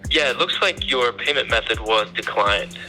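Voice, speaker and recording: A man's voice: mid-range voice, moderate pace, sharp tone, faint music behind, low-quality recording. A man working as an airline agent, explaining a problem on a customer service call in a polite, matter-of-fact way.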